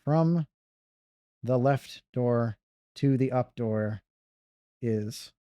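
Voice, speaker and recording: A man's voice: medium pitch, very slow, warm tone, no room sound, studio quality. A man giving casual commentary on his own speedrun, muttering and thinking aloud as he plays from his couch. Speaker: speedrunner streamer. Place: living room on couch.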